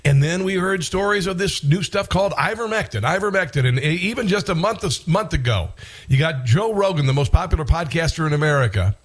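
A man's voice: on the high side, lively intonation, brisk. A man hosting a political talk show, delivering an indignant, rambling commentary monologue with frequent restarts and bursts of outrage.

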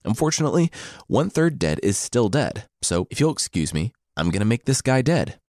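A grumpy, sword-wielding male demon, as a male storyteller puts him on, unimpressed and critiquing like a sarcastic reviewer. The pitch is raised above the storyteller's low voice and moves about a lot. The sound is dry and close, with no echo. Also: sing-song, fairly quick, a little mellow, close to an everyday voice.

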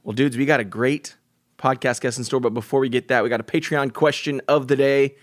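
A man's voice: mid-range voice, steady tone, a little fast. A man hosting a podcast in an upbeat, easygoing casual chat. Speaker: podcast host.

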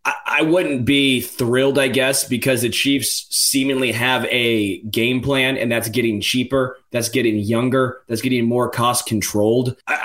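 A man with an average-pitched voice co-hosting a casual sports podcast. He argues his point quickly, often repeating words as he thinks. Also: a bit bright. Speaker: podcast co-host.

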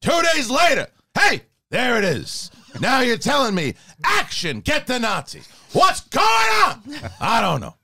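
A man putting on a blustering older male movie star, yelling in sudden outbursts with a bright, tense edge and a wildly swinging pitch. It is a comedic impression full of exasperated ranting. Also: wildly swooping pitch, a little slow, creaky, slight background noise, full character voice. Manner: shouting, ranting, sudden bursts.

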